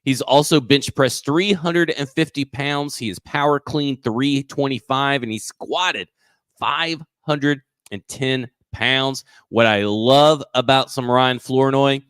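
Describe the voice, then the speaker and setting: A man's voice: medium pitch, takes it slowly, fairly bright tone, smooth, dry recording, clean studio sound. A man co-hosting a live football podcast, reeling off prospect measurements with eager enthusiasm and the odd stumble over his words. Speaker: sports podcast co-host. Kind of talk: casual live show chat.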